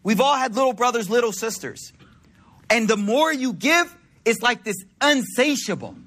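A man's voice: very high voice, expressive, normal speed, fairly bright tone. A man giving a religious talk to a congregation in a conversational, slangy storytelling way. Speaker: religious speaker.

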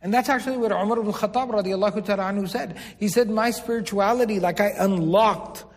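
A man's voice: sits high, quick pace. A man giving a religious lecture to a live audience, quizzing them and repeating key words for emphasis. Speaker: religious teacher. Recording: long hall reverb.

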